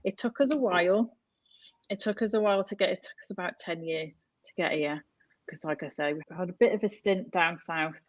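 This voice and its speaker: A woman's voice: low voice, no echo, dull audio. A woman in her thirties from North West England, a podcast guest chatting casually and laughing often as she retells stories. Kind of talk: casual chat.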